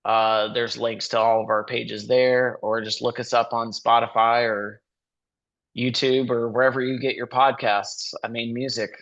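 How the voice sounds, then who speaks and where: A man's voice: medium pitch, little pitch movement, unhurried, fairly bright tone. Rambling male musician, muffled sound. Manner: rambling, many "like" fillers. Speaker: musician guest. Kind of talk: casual interview chat.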